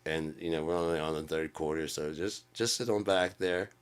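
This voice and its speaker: A man's voice: very deep voice, moderate pace, clear, resonant tone. A man telling a comic story in a casual, profane way, acting out what people said. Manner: profane, animated, acts out quotes. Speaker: channel host.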